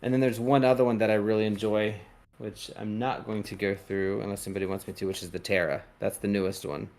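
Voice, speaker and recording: A man hosting a podcast, casually showing tarot decks in a rambling, hesitant way with many pauses and fillers. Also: lowish voice, flat delivery, a little mellow. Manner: rambling, hesitant, lots of ums. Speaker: podcast host reading tarot. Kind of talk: casual chat.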